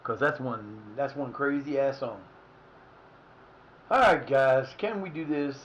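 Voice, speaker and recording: A man's voice: medium pitch, measured pace, a bit bright, dull audio. A man streaming a soccer management game, cursing and exasperated as he talks to himself. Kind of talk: live game commentary.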